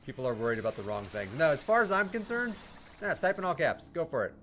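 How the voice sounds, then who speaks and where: A man's voice: on the high side, big pitch swings, fast talker, fairly bright tone, soft background music. A man from the United States chatting on a livestream, answering chat, ranting heatedly and swearing with laughs in between. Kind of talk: casual livestream chat, reading chat.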